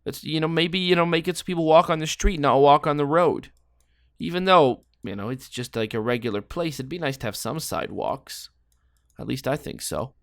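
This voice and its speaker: A gameplay commentator, male, with a slightly high, gravelly voice talks at a moderate pace while playing a guessing game, rambling casually, cracking jokes and thinking out loud. The studio-quality recording has no room sound.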